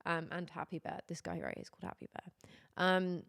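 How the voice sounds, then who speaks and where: A woman's voice: fairly low pitch, very animated, a little fast, vocal fry, fairly bright tone. A young woman, chatting candidly with her stream viewers, wry and laughing through her complaints. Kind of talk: casual chat to stream viewers.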